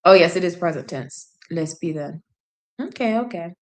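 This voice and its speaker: A woman's voice: on the low side, expressive, moderate pace. Woman streamer working through a book translation on air, musing and self-correcting. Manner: thinking aloud, self-correcting. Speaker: language learner streamer. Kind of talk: reading aloud and translating.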